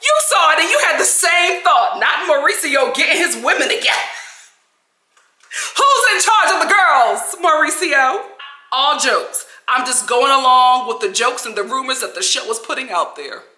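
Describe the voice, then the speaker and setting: Animated, sassy woman vlogger. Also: sits high, moderate pace, echoey room. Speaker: vlogger, TV recap host. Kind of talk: casual reality-TV commentary.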